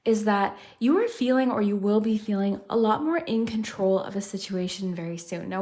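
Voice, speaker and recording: Woman tarot reader, slightly high voice, casual reflective reading for viewers. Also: warm tone. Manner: chatty, reflective, frequent "like" and "I feel like". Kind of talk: pick-a-card tarot reading.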